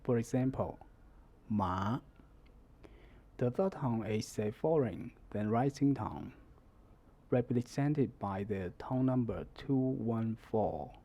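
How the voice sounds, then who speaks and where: A man teaching a Mandarin lesson, explaining the tones in a measured, deliberate way. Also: mid-range voice, warm tone, highs cut off. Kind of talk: scripted language lesson.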